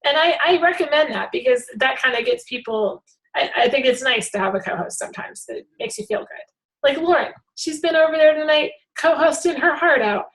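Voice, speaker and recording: A woman leading a casual group video call, talking in a rambling, animated way with many fillers. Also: high-pitched, fairly quick, poor audio. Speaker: hangout organizer.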